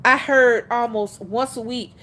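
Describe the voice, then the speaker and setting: A woman hosting a livestream, telling stories in a casual, animated way, laughing often and speaking bluntly. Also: a little high, a little slow, a little hiss or hum. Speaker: livestream host.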